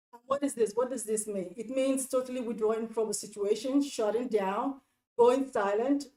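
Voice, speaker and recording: A woman's voice: a little high, dark tone, roomy sound, low-quality recording. A woman hosting a relationship advice talk, speaking earnestly and directly to the viewer, often repeating herself for emphasis.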